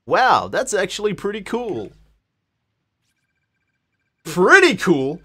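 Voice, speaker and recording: A playful Australian man streams a game and reads every character's line aloud. His pitch swings widely and his pace stays unhurried, with jokes slipped in between the lines. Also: very animated, a bit bright. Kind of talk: live game playthrough, reading dialogue aloud.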